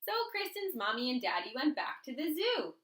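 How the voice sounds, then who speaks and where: A woman teacher reading a picture book aloud to children in an expressive, animated way. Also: high-pitched, normal speed. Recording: roomy echo.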